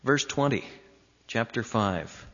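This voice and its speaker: A man preaching an expository sermon, with emphatic, drawn-out phrasing and sudden rises in pitch. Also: lively intonation, fairly bright tone. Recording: dull lo-fi recording in a reverberant hall.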